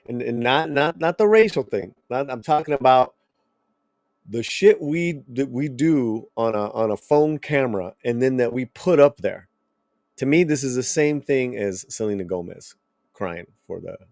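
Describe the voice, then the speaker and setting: A man hosting a commentary channel, reacting to a clip in a blunt, animated way, swearing and repeating himself. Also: medium pitch, no room sound.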